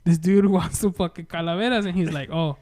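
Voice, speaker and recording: Man, high voice, casual podcast chat, laughing storyteller, swears a lot. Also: a little fast, a little mellow. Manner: laughing, profane, acts out quoted voices.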